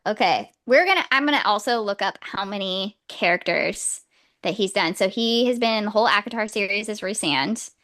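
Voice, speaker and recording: A woman's voice: medium pitch, animated, a little fast, fairly bright tone. A young woman co-hosting a casual book podcast, gushing and laughing often as she chats. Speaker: podcast co-host.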